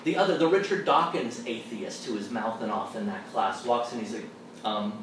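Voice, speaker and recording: A man, a Catholic theologian, telling stories to a college audience in an animated, humorous way and acting out the people he quotes. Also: medium pitch, brisk, recorded from a distance. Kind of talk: storytelling talk to a college audience. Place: large hall at a college. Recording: echoey room miked from afar with background noise.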